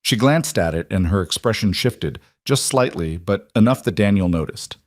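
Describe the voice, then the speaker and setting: A man narrating a scripted drama story in a measured, even reading. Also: on the low side, no room sound, studio quality.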